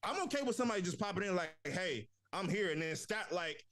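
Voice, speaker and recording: A man's voice: high-pitched, lively intonation, very fast, fairly bright tone. A man on a casual movie review podcast, making his points emphatically and argumentatively. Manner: emphatic, argumentative, speaks in lists. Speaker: podcast guest.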